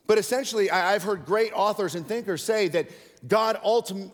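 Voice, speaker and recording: A pastor delivers a sermon in a relaxed, conversational way, slipping into voiced quotes to make his points. His voice sits high for a man. The sound carries the long reverb of a church hall. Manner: casual, animated preaching with voiced quotes.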